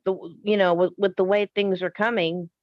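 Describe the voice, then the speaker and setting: A woman on a panel speaking earnestly in halting phrases full of fillers. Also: medium pitch, little pitch movement, no room sound. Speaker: panel guest. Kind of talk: casual chat. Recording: dull lo-fi audio.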